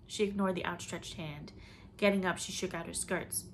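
Low-voiced woman reading a storybook. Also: steady tone, normal speed, a little hiss or hum. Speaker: audiobook reader. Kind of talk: storybook narration.

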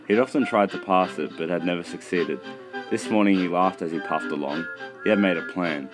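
A man narrating a children's railway storybook in a steady reading voice. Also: sits low, brisk. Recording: music behind, poor mic.

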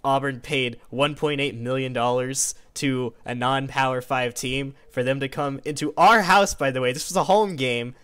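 A young man co-hosts a podcast in casual chat, venting and teasing his partner. His voice is smooth and clear at a middle pitch. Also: moderate pace, few pauses, fairly bright tone. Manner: ranting, teasing banter. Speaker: podcast co-host.

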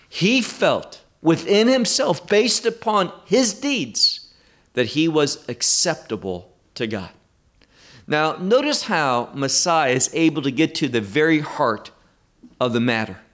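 A man teaching verse by verse through a Bible passage, slow and emphatic, stressing key words. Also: a little high, a bit bright.

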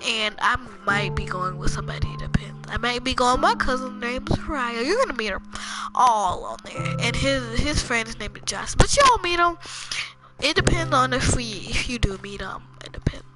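A woman's voice: on the high side, lively intonation, moderate pace. A young woman giving rambling, casual commentary to viewers while playing a game, often dropping to murmurs. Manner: chatty, rambling, talks to viewers as "y'all". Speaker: gaming channel host. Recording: music playing behind voice.

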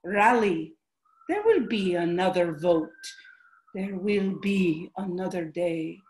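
A woman performing a stage monologue as a fierce Andalusian ancestor woman urging her descendant, speaking slowly and deliberately. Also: fairly low pitch, expressive, echoey room, a little hiss or hum. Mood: rousing. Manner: slow, deliberate, shifts from hushed whispers to rousing shouts.

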